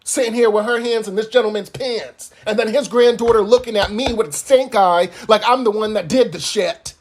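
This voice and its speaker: A man's voice: high-pitched, moderate pace, hardly any pauses. A man telling a comic story in a crude, exasperated way, cursing heavily. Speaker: comedic storyteller.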